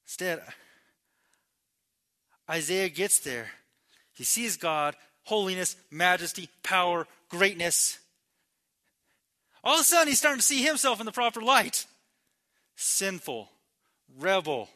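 A man from New Mexico preaching a sermon, telling a story with acted-out voices and swinging between loud and hushed delivery. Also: high voice, big pitch swings, a little slow, pauses often. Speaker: pastor.

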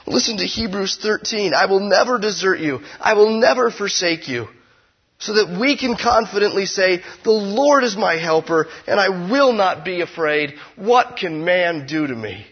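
A man preaching a sermon in a conversational way, with playful asides, swinging between loud emphasis and hushed tones. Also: high-pitched, animated, normal speed, breathy edge, highs cut off. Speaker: pastor.

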